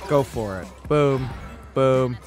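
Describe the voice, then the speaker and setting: A man's voice: medium pitch, takes it slowly, a little mellow, faint music behind. A man playing a co-op game in casual chat, joking, swearing and cheering his partner on. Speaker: co-op gaming partner.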